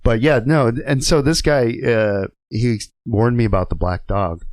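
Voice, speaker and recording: With a mid-range, expressive voice of darkish tone, the truck driver tells his profane, meandering stories at a measured pace, laughing along. The podcast studio recording has no room sound.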